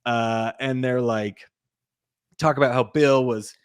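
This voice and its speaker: With a slow, fairly even delivery and a clear, resonant mid-range voice, this young man co-hosts a podcast, loosely recapping a film plot with plenty of fillers, frequent "like," and acted-out quotes. The recording has no room sound and studio quality.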